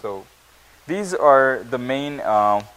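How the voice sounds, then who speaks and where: A man teaching a Bible study class, reading verses aloud and explaining them, often pausing with fillers and restarting words. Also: mid-range voice, lively intonation, a bit bright, rough recording. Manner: halting, many fillers and restarts. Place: church classroom.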